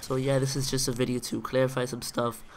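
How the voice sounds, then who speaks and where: A man from Israel with an Israeli accent, whose first language is Hebrew, with a nasal, congested-sounding voice. He speaks slowly and deliberately, pausing to find his English words, as a gaming commentator talking casually to his viewers. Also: mid-range voice, little pitch movement, a little hiss or hum. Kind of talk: casual talk to camera.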